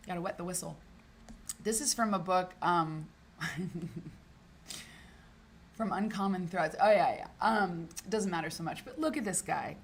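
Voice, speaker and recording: A chatty woman hosts a live stream in a slightly low voice, rambling along with fillers and restarts. She is sick and clears her throat now and then, with a steady hiss of noise under her voice. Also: normal speed, pauses often. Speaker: live show host. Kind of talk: casual live-stream chat. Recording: background noise.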